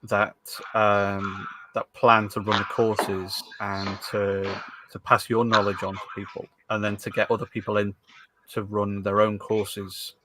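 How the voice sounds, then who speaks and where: A man with a lowish voice hosts a casual podcast, mostly chiming in with short agreeing replies. A clear background noise runs under his speech. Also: flat delivery, measured pace. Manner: brief agreeing backchannels. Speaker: podcast host.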